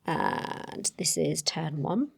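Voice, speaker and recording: A woman's voice: deep voice, huge pitch swings, extremely slow, vocal fry, husky. A woman playing a solo tabletop game, thinking aloud as she writes, hesitant and full of self-corrections.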